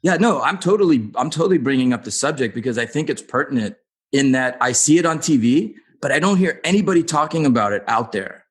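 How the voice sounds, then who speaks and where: A man's voice: medium pitch, expressive, fast talker, breathy edge. A man hosting a podcast interview, talking earnestly and thinking aloud as he asks his questions. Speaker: podcast host. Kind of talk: casual interview chat.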